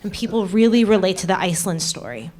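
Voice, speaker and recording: A woman's voice: medium pitch, sing-song, fast, a little mellow. A woman in the audience politely asking the panel two questions, a little hesitant. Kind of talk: question from the floor at a live event.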